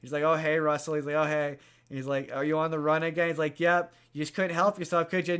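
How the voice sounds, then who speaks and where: A podcast host, a man, talks casually as he retells a film's story. He rambles, restarts his sentences and leans on fillers, and his voice sits a little high for a man. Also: level tone, fast, fairly bright tone, smooth. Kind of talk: casual chat, retelling a movie plot.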